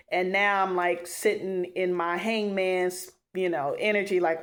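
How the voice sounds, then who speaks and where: A woman giving a casual tarot reading to her viewers, chatty and animated, often talking to them directly as y'all. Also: medium pitch, normal speed, hardly any pauses. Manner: animated, chatty, addresses viewers as y'all, acts out inner voices. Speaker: tarot reader.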